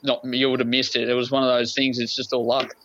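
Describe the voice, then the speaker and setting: A man's voice: medium pitch, monotone, fast, a bit bright. Australian guy, laid back, mid voice, dull muffled recording. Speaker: guest. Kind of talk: casual chat.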